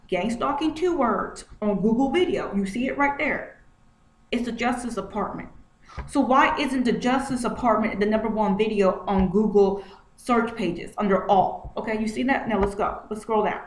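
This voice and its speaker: A woman vlogging from home at her computer, talking through what is on her screen in an agitated way and repeating herself often. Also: mid-range voice. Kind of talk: screen-share commentary. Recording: roomy echo, faint noise.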